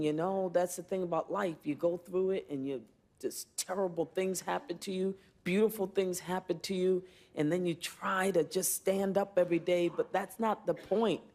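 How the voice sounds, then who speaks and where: A woman in her fifties answering reporters' questions in a press room, earnest and reflective, pausing often to think. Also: on the low side, dark tone. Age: 50s. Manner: reflective, earnest, with thoughtful pauses and fillers. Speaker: award-winning actress answering press.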